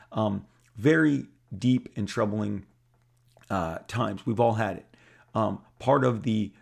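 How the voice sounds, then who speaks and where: A comic artist in his fifties tells casual, rambling stories in an unhurried, fairly low voice that's gravelly and a little mellow. He often repeats words and starts sentences over.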